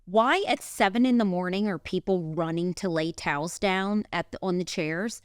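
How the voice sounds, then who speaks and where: Chatty woman podcast co-host, smooth and clear, dry close mic. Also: fairly low pitch, no echo. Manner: chatty storyteller, quick asides and laughs. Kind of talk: casual chat.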